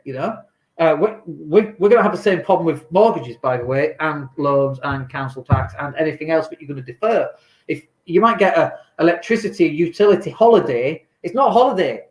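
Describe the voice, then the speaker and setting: A man who invests in property, talking casually on a livestream from home, rambling and reading viewer comments aloud. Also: fairly high pitch. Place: home in lockdown. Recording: echoey room.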